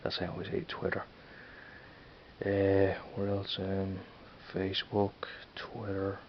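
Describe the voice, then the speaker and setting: Speaking at a measured pace, a young Irish vlogger from Dublin records a casual accent-tag video, his deep, flat, gravelly voice rambling and repeating words as he addresses the camera. "You know what I mean" comes up frequently, and the lo-fi, dull audio carries a faint hiss.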